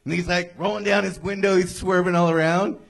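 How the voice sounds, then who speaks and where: A man performing a stand-up set on a comedy club stage, then chatting casually, acting out other people in loud bursts. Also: high-pitched, fairly quick, creaky. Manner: animated storytelling with loud voiced impressions. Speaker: guest comedian.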